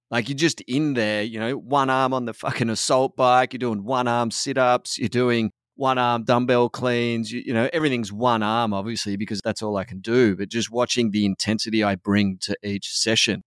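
A man's voice: fairly low pitch, steady tone, fairly quick, few pauses, no echo, studio quality. An Australian man talking candidly and casually on a podcast, swearing freely and calling his co-host "man" and "mate".

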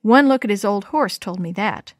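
Gentle kind schoolteacher lady, read by a woman, dry close mic. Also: mid-range voice, animated, normal speed, no echo, natural voice. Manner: kind, warm encouraging.

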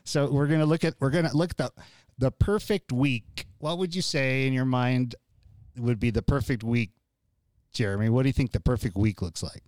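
Upbeat male podcast host, crisp voice, joking casual delivery. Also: mid-range voice, moderate pace, a little mellow, no echo. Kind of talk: casual chat.

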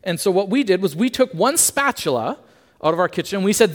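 Male preacher with a bright, swooping delivery and a conversational sermon style, heard in a church hall with a lingering echo. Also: high voice, a little fast. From Canada. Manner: lively, emphatic, asks the congregation questions.

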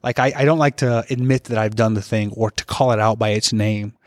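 A man's voice: fairly low pitch, fairly even intonation, a little fast, dry recording, studio quality. A young man co-hosting a faith podcast, speaking in a candid, reflective and loosely rambling way about his own life. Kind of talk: casual faith discussion.

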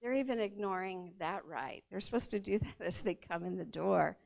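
A woman teaching a Bible passage in a lively, conversational way, sometimes acting out the voices of the people in the story. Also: on the low side, normal speed, gravelly. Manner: animated retelling, acts out the disciples' voices. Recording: dull lo-fi sound.

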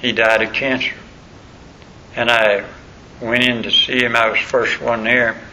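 Folksy older preacher, bright voice. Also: male voice, mid-range voice, little pitch movement, unhurried. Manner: folksy, rambling storytelling with colloquial grammar. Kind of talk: sermon. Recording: muffled lo-fi recording with faint noise.

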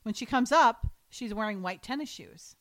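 Podcast co-host, woman, chatty recap voice, a bit high-pitched. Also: lively intonation, normal speed, fairly bright tone. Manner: chatty, retells scenes with quoted voices and laughs. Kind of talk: casual chat.

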